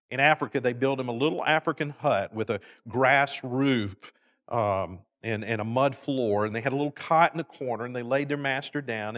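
Guy preaching a sermon, dramatic swings up n down, muffled lo-fi sound, long hall echo. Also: medium pitch. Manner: dramatic, rising and falling emphasis, quotes prayers solemnly. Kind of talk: sermon storytelling. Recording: dull lo-fi recording in a reverberant hall.

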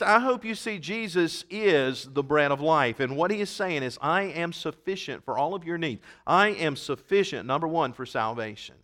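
A man preaching a sermon to a church congregation, earnest and emphatic, swinging from soft passages to loud appeals. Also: on the high side, animated, moderate pace, few pauses. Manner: reads scripture in King James wording. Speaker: pastor. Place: church service.

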